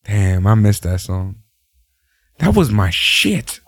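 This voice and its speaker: A man's voice: on the low side, sing-song, dry recording, clean studio sound. Profane, laughing man in casual chat. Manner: loose and profane, quick to laugh. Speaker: podcast co-host.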